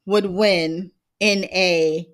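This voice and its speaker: A woman hosts a casual podcast with a slightly low pitch. She tells stories in an expressive, conversational way and often laughs mid-sentence. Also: very slow. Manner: expressive storyteller, laughs while talking. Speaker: podcast host. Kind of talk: casual chat.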